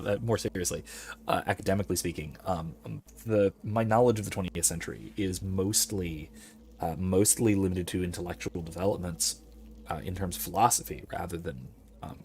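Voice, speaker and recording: A man's voice: fairly low pitch, a little mellow. A man hosting a let's play, chatting casually and rambling into academic digressions while reading chat messages aloud. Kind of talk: casual gameplay commentary.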